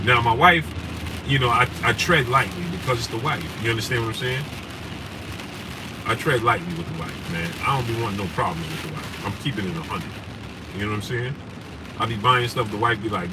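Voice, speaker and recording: Brisk and expressive, this mid-range male voice belongs to a sports show host with a wife and kids. He runs a casual live stream with passion, greeting viewers by name and often saying "right?", while the distant mic picks up clear background noise.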